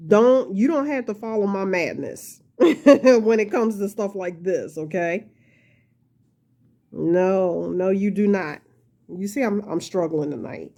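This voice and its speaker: A woman's voice: mid-range voice, takes it slowly, mellow. Chatty woman hosting a crochet lesson. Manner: chatty, frequent laughter, self-deprecating; addresses viewers as y'all. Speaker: crochet tutorial host. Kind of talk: casual talk-through tutorial.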